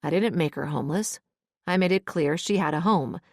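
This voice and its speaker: A woman's voice: on the low side, a little fast, darkish tone, dry recording, clean studio sound. A woman voicing a brusque, possessive male billionaire boss who talks in blunt, clipped lines. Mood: defensive.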